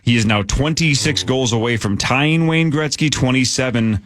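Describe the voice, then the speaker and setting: A man's voice: medium pitch, moderate pace, fairly bright tone. A man hosting a casual sports radio chat, dryly reading out news and trivia. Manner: dry, reads out news and trivia.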